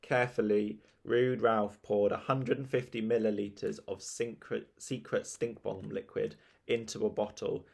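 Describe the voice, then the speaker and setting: A man reading a children's story aloud in a relaxed, playful way. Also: lowish voice, measured pace, creaky.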